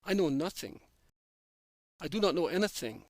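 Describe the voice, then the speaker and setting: Man reading Judas, resentful apostle, insistent protests, slightly high voice, dry close sound. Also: expressive, moderate pace, no echo, close to an everyday voice. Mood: protesting. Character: Judas, anxious resentful adult male apostle.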